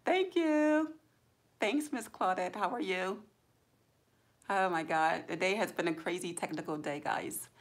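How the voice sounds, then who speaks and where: A woman with a fairly low voice hosts a relaxed livestream chat. She talks in an easygoing, drawling way. Now and then she jumps up in pitch to greet viewers by name. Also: moderate pace. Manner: chatty, greets viewers by name with excited high exclamations; relaxed, drawling, informal speech. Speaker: YouTube livestream host.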